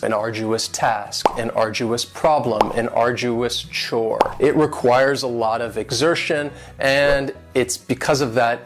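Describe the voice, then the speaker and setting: A man teaching English vocabulary in an online lesson. He says each word slowly and carefully, in a friendly, lightly joking way. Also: mid-range voice.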